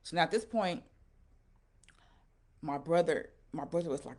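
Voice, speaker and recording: A woman's voice: sits low, unhurried, pauses often. A woman recounting a painful personal story in a casual, rambling, emotional way, often repeating herself. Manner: emotional, animated retelling. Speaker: live-stream storyteller.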